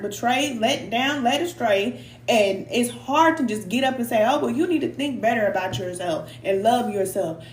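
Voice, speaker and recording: A middle-aged woman speaks as a spiritual reader in a heartfelt, preacherly way, dropping into easy slang with her listeners. Her voice sits a little high and carries the echo of a bare room, with a faint hum behind it. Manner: heartfelt, preacherly, slips into casual Black American slang; sometimes emotional and sighing. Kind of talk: live tarot reading and motivational talk.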